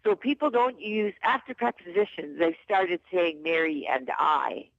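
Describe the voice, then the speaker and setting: Woman caller, gravelly, lively pitch, dull phone-line sound. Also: a little slow, no room sound. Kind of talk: phone-in call. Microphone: telephone.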